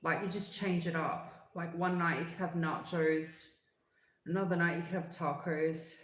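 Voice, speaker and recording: A woman's voice: lowish voice, steady tone, moderate pace, reverberant, poor audio. A woman hosting a livestream, chatting casually and reading out viewer comments in a rambling, filler-heavy way. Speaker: livestream host.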